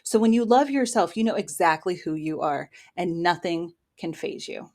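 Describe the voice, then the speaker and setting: A woman's voice: lowish voice, animated, normal speed, a little mellow. A woman giving a casual weekly tarot reading into her own microphone, talking in an encouraging, motivational way. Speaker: tarot reader and spiritual coach.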